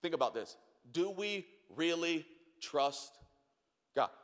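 A young man preaching a sermon, telling a story with acted-out voices, then dropping to quiet questions. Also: on the high side, expressive, slow. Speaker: pastor. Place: large church hall. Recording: long hall reverb.

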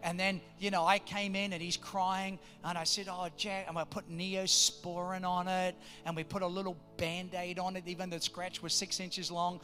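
A man, preaching a sermon, telling family stories and then building to loud exhortations. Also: sits high, level tone, normal speed, few pauses, soft background music. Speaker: pastor.

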